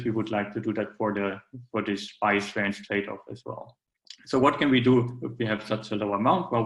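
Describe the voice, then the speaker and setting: A man's voice: lowish voice, fairly bright tone, echoey room, poor audio. A man giving a technical conference talk, hesitant with frequent fillers and restarts. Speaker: academic speaker.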